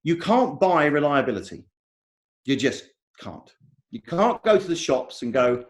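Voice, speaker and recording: A man's voice: fairly high pitch, lively intonation, moderate pace. A man with an English accent giving a technical conference talk over a video call, emphatic and repeating his key points. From England. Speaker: conference speaker.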